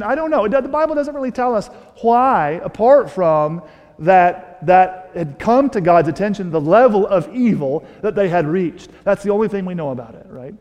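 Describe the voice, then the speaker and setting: A man preaching a sermon as pastor, animated and full of rhetorical questions, often restarting his sentences. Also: sits high. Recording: long reverb of a large hall.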